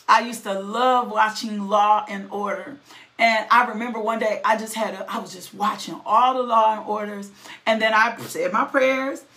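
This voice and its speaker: A middle-aged woman preaching a sermon, reading scripture and calling out to listeners. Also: fairly high pitch. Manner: animated, calls to the audience with "right?" and "come on now".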